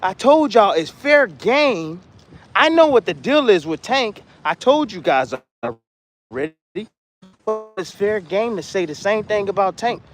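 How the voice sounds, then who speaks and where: Blunt high-voiced man sounding off. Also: big pitch swings, unhurried. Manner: blunt, repetitive, trash-talking. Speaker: former boxer giving opinions. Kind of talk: casual opinion monologue.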